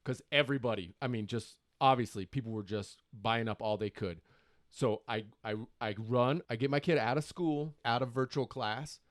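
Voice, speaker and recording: A middle-aged man hosting his own show, excitedly retelling a story with many quoted exclamations. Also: medium pitch, normal speed, no echo, studio quality. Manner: animated, breathless retelling full of quoted exclamations. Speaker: show host.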